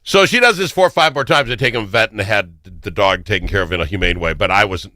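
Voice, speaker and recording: A man hosting a talk show, telling stories in a casual, excitable way. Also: lowish voice, fast talker, no room sound, clean studio sound. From Minnesota. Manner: animated, excitable storyteller. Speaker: radio talk show host. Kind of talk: casual storytelling chat.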